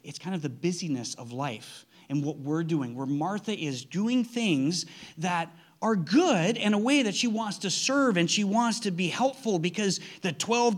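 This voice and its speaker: A man preaching a conversational sermon, earnest, often restarting his sentences. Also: sits high. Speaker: pastor.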